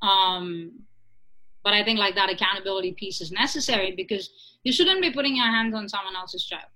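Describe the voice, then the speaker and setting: Bright-voiced woman telling a lively story. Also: mid-range voice, a little fast, poor audio. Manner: animated, asks "right?" and "you know?" often. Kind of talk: casual conversational storytelling.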